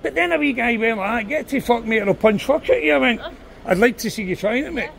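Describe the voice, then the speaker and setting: A man's voice: very high-pitched, animated, quick pace, vocal fry, fairly bright tone. An older man with a Glaswegian Scottish accent, vlogging on a phone outside a club at night, arguing and swearing in a rambling way. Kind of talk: confrontational street vlog. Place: outdoors on a city street at night.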